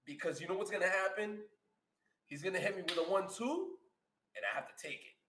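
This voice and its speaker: A man's voice: high voice, brisk, noisy background. A middle-aged man co-hosting a podcast in emphatic casual chat, often repeating himself. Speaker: podcast co-host. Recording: echoey room.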